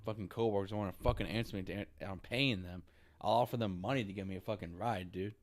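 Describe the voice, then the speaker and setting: A man with a somewhat low voice vents in a rambling vlog monologue. He is exasperated and repetitive. He swears in nearly every line and keeps tacking "dude" onto his sentences. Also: fast. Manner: frustrated ranting, heavy swearing, repeats "dude". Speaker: vlogger. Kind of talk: venting monologue.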